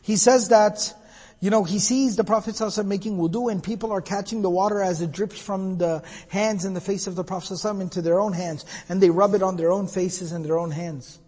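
Husky high-voiced man giving a sermon. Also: fairly even intonation, fast, darkish tone, big-room sound. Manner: retells dialogue, switches between Arabic and English. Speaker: preacher. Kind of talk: sermon storytelling.

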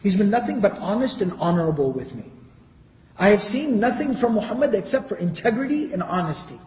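A man's voice: high-pitched, sing-song, fairly quick, darkish tone. A man giving a storytelling lecture, retelling history and quoting passages in Arabic before translating them. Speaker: Islamic lecturer. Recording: echoey hall.

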